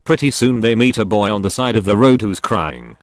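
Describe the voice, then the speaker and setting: A man tells military jokes in a scripted, measured way. His voice sits low and moves lively up and down between setup and punchline. The sound is dry and close, with no room around it. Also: dry recording. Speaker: joke narrator. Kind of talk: scripted joke reading.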